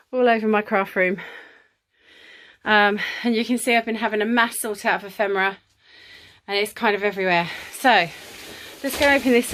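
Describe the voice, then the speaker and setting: A woman talks through her craft room in a relaxed, rambling way, full of ums and soft laughs. Her voice sits a little high and she sounds slightly out of breath. A faint hiss of room noise lies under the handheld camera audio. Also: poor audio. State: a bit out of breath. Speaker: craft vlogger. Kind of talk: casual vlog chat. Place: home craft room, indoors.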